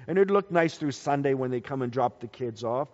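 A man's voice: medium pitch, expressive, a little fast, a little mellow. A man preaching a sermon as a pastor, telling stories and building emphasis through repetition. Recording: dull lo-fi recording with long hall reverb.

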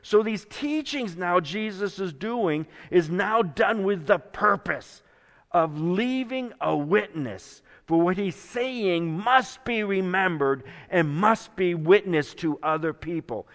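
A man preaching a sermon as pastor, slow and dramatic, moving from hushed words to loud ones. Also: high voice, animated, in a large hall.

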